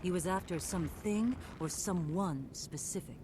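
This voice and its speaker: A woman voicing a wry, sharp adult woman investigator in a video game, speaking in a dry, measured way. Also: lowish voice, noisy background, close to an everyday voice. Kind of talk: video game character dialogue. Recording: game audio with loud music behind.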